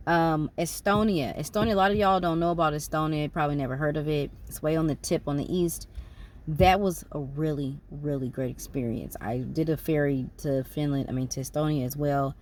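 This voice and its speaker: A woman's voice: low voice, darkish tone. A woman chats loosely about her trips, wandering off and correcting herself as she goes. A faint hum of room ambience sits behind her. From United States. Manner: rambling, conversational, many fillers and self-corrections. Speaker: travel vlogger. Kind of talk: casual travel recap.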